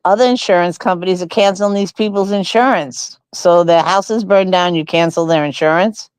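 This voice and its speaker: A woman's voice: fairly low pitch, moderate pace, darkish tone, clear, resonant tone, dry recording. A woman co-hosting a casual political chat, teasing and retelling stories with laughter. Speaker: co-host of a live talk show.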